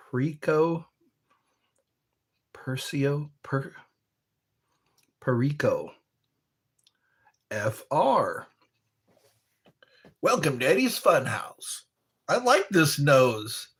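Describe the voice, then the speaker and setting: A man's voice: mid-range voice, slightly rough. A man hosting a live stream, chatting in a rambling, playful way while he snacks and spells words out.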